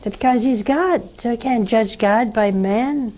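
Her pitch sits a little high and her tone is mellow as she moves at a measured pace. She is an older nun leading a call-in religious broadcast, earnestly preaching, advising callers, and frequently asking rhetorical questions.

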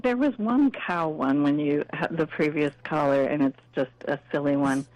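A woman calling a radio show to tell jokes, unhurried and chuckling at her own punchlines. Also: low-pitched, a little mellow, no room sound, lo-fi sound. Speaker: caller. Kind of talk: phone-in joke telling.

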